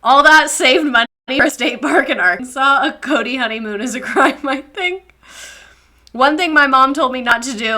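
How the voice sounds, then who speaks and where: A woman's voice: high-pitched, normal speed, pushed and bright. A young woman live-streaming casual commentary, sarcastic and swearing freely while reading chat aloud.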